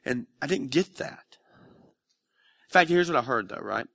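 A pastor in his thirties preaching a conversational, confessional sermon in a church sanctuary. He often builds from reflective speech into loud, high-pitched pleading. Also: animated, normal speed, gravelly.

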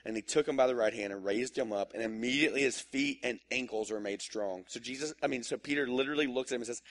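A man's voice: mid-range voice, fast talker, hardly any pauses, a bit bright. A male pastor preaching a sermon in a casual, joking storytelling manner, acting out little asides.

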